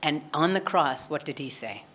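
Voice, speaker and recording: A woman's voice: low-pitched, lively intonation, normal speed, fairly bright tone, slight background noise. A woman giving a spiritual satsang talk, earnestly retelling a gospel story and acting out the quoted lines. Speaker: satsang speaker.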